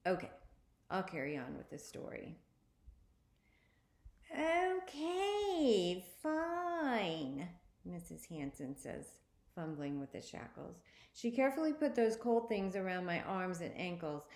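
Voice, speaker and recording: A woman reading a children's spooky story aloud, expressively, often lifting her pitch for emphasis. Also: expressive, normal speed, vocal fry, few pauses, darkish tone, echoey room. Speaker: story reader.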